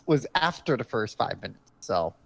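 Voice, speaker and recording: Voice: medium pitch, big pitch swings, normal speed, gravelly, a bit bright. A podcast co-host in casual chat, blunt and dismissive, often repeating to clarify.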